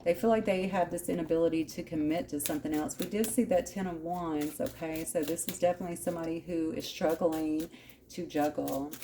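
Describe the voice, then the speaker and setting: Tarot reader, woman, low mellow voice, chatty asides, light hiss behind. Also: fairly even intonation, fairly quick. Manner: conversational, musing aloud, frequent asides. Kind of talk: channeled tarot reading.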